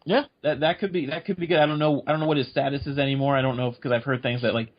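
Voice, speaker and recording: Husky easygoing man on lo-fi audio. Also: medium pitch, steady tone, racing. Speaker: wrestling podcast co-host. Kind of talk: casual chat. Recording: dull lo-fi recording.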